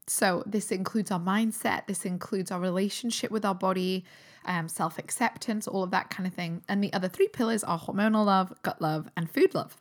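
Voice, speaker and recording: A British holistic nutritionist hosts her own solo podcast, chatting in an upbeat way with frequent fillers and restarts. Her medium-pitched voice, at a moderate pace, is still slightly croaky as she recovers from a cold.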